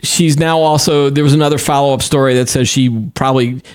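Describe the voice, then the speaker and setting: A man co-hosting a casual news podcast, his pitch sitting at an ordinary middle level. He talks in a loose, chatty way, reading quotes aloud and laughing easily. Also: steady tone, fast talker, clear, resonant tone. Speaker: podcast co-host.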